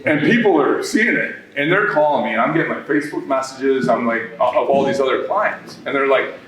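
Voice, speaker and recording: A man's voice: mid-range voice, a little fast, a little hiss or hum. A man who runs a business, telling an audience a long story about his start, with many restarts and quoted remarks. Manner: rambling, animated, with many restarts. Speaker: business owner speaking at a workshop. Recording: echoey room, mic at a distance.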